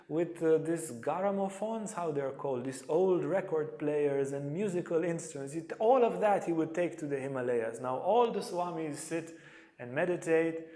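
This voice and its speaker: A man teaching a yoga lecture as an animated storyteller, acting out voices in his stories. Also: a little high, moderate pace. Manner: animated storyteller, acts out quotes. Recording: echoey hall.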